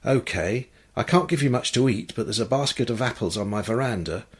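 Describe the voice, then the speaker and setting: A man's voice: mid-range voice, a little fast, breathy edge, lightly acted. A man voicing an easygoing, hospitable man who offers drinks and help in an offhand way. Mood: friendly.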